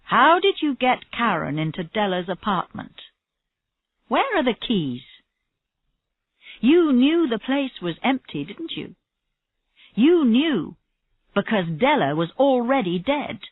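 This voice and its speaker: A woman reading the part of a persistent female detective who questions a suspect, speaking slowly and steadily. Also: medium pitch, very animated, no room sound, voice pushed up. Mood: probing. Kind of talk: reading a graded story aloud. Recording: tinny phone-like audio, dry.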